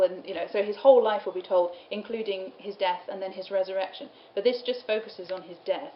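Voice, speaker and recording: Her mid-range voice is brisk with few pauses as she lectures at a study day on medieval poems, reading lines aloud and laughing easily from time to time. It was recorded in a lecture room, sounding roomy and dull with faint room noise.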